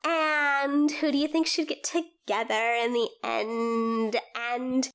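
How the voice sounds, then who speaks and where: A woman's voice: sits high, fairly even intonation, fairly bright tone, clean tone, heavily acted. A woman putting on a gossipy young Valley Girl voice, drawn out and full of fillers while she asks about favorite pairings. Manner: drawn-out, filler-heavy gushing.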